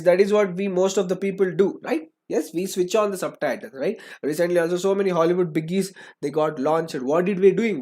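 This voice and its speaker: A man's voice: high voice, darkish tone. A young man, teaching an online lecture, repeating phrases and asking "right?" after nearly every sentence. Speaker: English teacher.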